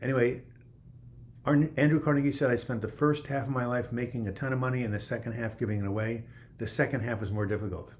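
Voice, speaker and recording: A man's voice: mid-range voice, steady tone, quick pace, slight background noise. Chatty man answering viewer comments. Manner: reads viewer comments aloud and answers them in a loose, chatty way; rambling, with frequent "you know" and restarts. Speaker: livestream host. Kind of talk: casual livestream Q&A.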